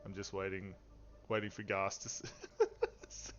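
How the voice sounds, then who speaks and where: A man's voice: low voice, little pitch movement, slow pace, faint music behind. Rambling game-master man. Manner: playful, rambling, welcoming. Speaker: game master and stream host. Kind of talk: livestreamed tabletop game chat. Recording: dull lo-fi stream audio.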